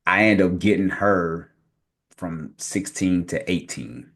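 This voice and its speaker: A man in his forties hosting a podcast, talking in a relaxed, affirming way. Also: sits low, slow pace, breathy edge. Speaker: podcast host. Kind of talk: podcast conversation.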